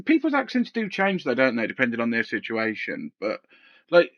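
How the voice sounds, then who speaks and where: A man's voice: mid-range voice, wildly swooping pitch, moderate pace, no echo, lo-fi sound. A man hosting a casual podcast chat, rambling and joking with frequent laughter. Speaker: podcast host. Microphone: headset.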